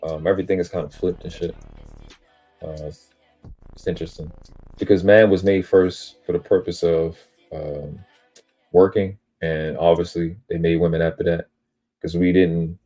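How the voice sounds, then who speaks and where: Deep-voiced man preaching on a live stream. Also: level tone, normal speed, warm tone, faint music behind. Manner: preachy, emphatic, swears casually; self-aggrandizing, spiritual teaching tone. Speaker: panel speaker on a live stream. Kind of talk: live stream monologue, lecturing.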